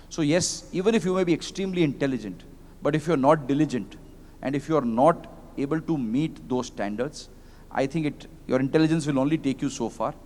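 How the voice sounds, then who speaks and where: A man with an Indian English accent, speaking on a conference panel and telling anecdotes in a lively way, slipping into Hindi phrases. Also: mid-range voice. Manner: animated storyteller who mixes in Hindi phrases. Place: large convention hall. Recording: long reverb of a conference hall.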